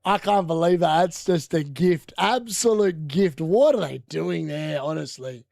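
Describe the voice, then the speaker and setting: A man hosting a casual live football watchalong, excitable and shouting when goals go in. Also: fairly high pitch, unhurried, creaky, no room sound, studio quality. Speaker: watchalong host. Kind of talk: casual live match commentary.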